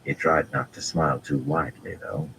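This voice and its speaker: A man narrates a fantasy novel in a measured, unhurried read-aloud manner. His voice is extremely deep and low. A faint ambient hum runs underneath the reading. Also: creaky. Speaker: audiobook narrator.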